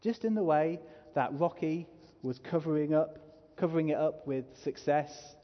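A man preaches a sermon as a pastor in a church hall, earnest and growing more emphatic as he urges his listeners on. His voice is a little high, at a moderate pace, and the recording carries muffled hall reverb.

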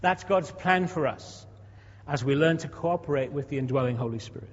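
A man's voice: a little high, moderate pace, breathy edge. A man in his sixties preaching a sermon in a conversational way, asking rhetorical questions and repeating words as he goes. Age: 60s. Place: church. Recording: dull echoey hall recording.

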